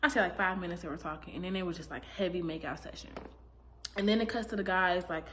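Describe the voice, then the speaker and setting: A woman's voice: fast, a bit bright. Chatty woman recapping with faint hiss. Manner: chatty, opinionated, acts out quotes with big pitch jumps. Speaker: recap commentator. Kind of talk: casual reality-TV recap.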